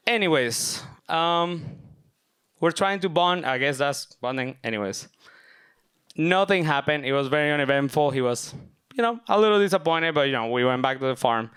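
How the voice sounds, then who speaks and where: Young man, smooth resonant storytelling voice. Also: fairly high pitch, animated, moderate pace, fairly bright tone. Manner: casual, self-mocking, filler-heavy. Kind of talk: live personal storytelling. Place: stage at a live event.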